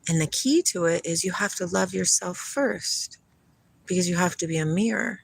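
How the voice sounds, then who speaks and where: A woman's voice: lowish voice, normal speed, creaky, husky. A middle-aged woman vlogging a rambling spiritual monologue, laughing often and talking to her parrot.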